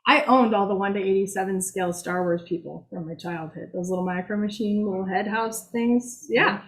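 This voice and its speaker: A woman speaks casually to a hobby club about the museum she runs. Her talk is chatty and self-mocking, and she laughs often. Her voice sits at an ordinary middle pitch. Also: fairly quick, rough recording. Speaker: museum executive director.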